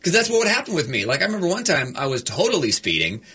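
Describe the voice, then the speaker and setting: Chatty male radio host, bright tone. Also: fairly high pitch, rapid-fire, breathy edge. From northern Minnesota. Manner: relaxed, chatty, hesitant with frequent uhs. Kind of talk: casual radio chat. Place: radio studio.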